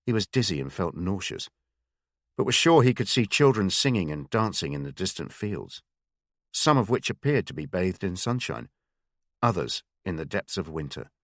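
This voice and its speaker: A man narrating a thriller audiobook in a measured, expressive way. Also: sits low, no room sound, studio quality. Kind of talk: scripted narration.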